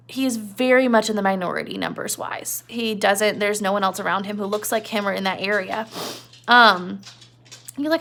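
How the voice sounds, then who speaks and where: A woman's voice: medium pitch, vocal fry, a bit bright. A woman teacher giving a casual literature lesson, explaining in a chatty way with many fillers.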